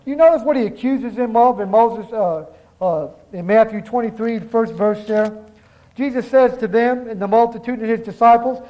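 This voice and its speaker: A man preaching a sermon, reading scripture aloud and stressing key words slowly, calling the congregation brethren. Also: very high-pitched, dark tone, lo-fi sound.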